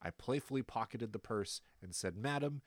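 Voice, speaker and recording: A man reading aloud the testimony of a stern male colonial judge, in his own deliberate voice with no put-on accent. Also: fairly low pitch, expressive, dry recording, studio quality.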